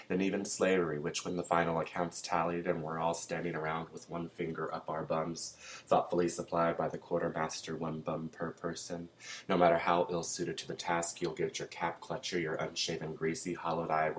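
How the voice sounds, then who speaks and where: Male reader with a very deep voice and a flat, unvarying delivery, measured and deadpan. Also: rough recording. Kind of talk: literary reading aloud.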